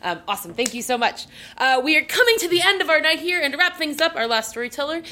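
A woman's voice: high-pitched, very animated, fast, bright, forceful tone. A woman hosting a live storytelling night, casual and upbeat as she introduces the next teller. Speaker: host.

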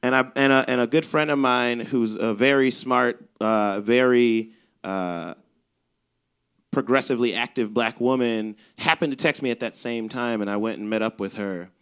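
A man's voice: medium pitch, normal speed, a bit bright, clean tone. A young man from Chicago's South Side telling a comedic story at a live show, swearing and acting out the lines he quotes. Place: live show at a bar venue.

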